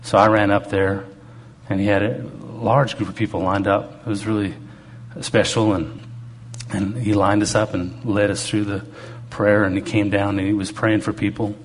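A man's voice: fairly low pitch, level tone, normal speed, a little hiss or hum. A man preaching to a congregation, telling stories from his own life in a conversational, humorous way. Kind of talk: testimony-style sermon.

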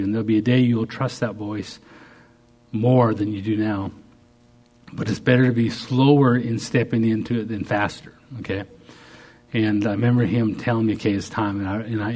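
A man preaching a sermon, telling stories with bursts of excitement and quiet asides. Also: fairly low pitch, breathy edge.

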